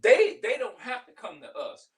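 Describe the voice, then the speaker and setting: A man's voice: very high-pitched, wildly swooping pitch, moderate pace, distant mic. A middle-aged man venting in a heated, profane, rambling monologue, repeating himself as he goes. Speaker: vlogger.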